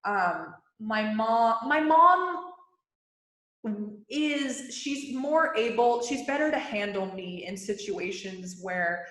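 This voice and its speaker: A woman's voice: on the high side, animated, takes it slowly, fairly bright tone, roomy sound. A woman talking casually as a podcast guest, chatty and full of fillers like "like" and "you know". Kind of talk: casual interview talk.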